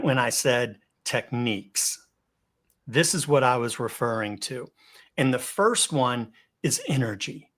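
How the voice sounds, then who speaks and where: A man gives an instructional webinar talk as a guest speaker over a video call. He shifts his pace, pitch and loudness for emphasis and often repeats a word when starting a thought.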